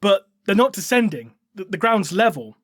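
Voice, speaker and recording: Rambling high-voiced podcast host. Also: male voice, very animated, normal speed, a bit bright, no room sound, clean studio sound. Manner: rambling, many fillers and swearing. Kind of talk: casual chat, retelling a novel.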